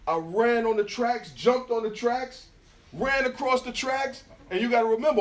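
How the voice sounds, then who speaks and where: A middle-aged guest speaker from New York, USA, gives a storytelling artist talk at an indoor venue, spinning lively tales in street slang with a New York accent and frequently checking in with the audience. His voice is very high and his speed normal. A phone across the room captured it, so the audio is echoey, distant, and carries a little hiss or hum.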